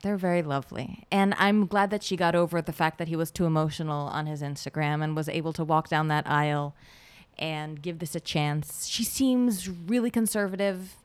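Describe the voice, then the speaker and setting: A woman's voice: low-pitched, fairly even intonation, moderate pace, clean tone. A woman co-hosting a podcast in casual chat, giving thoughtful, analytical commentary. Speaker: podcast co-host.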